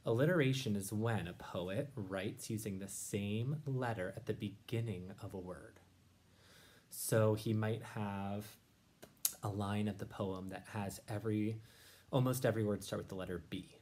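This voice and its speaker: A man with a fairly low voice reads a rhyming picture book to young listeners. He stops to explain things in a gentle, encouraging way and lifts his voice with energy when he reads the verses. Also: moderate pace. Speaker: teacher reading to children. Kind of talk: read-aloud lesson.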